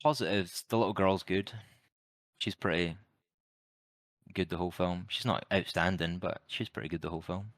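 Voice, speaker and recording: A man's voice: low voice, steady tone, normal speed, pauses often, no echo. A man co-hosting a podcast, giving wry, opinionated film opinions with dry sarcastic jokes. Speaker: podcast co-host. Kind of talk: casual film review chat.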